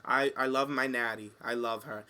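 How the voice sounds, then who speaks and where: A man's voice: medium pitch, moderate pace. A man co-hosting a casual talk show, animatedly recapping wrestling matches and acting out what people said. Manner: animated, sassy, acts out quotes. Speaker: podcast co-host.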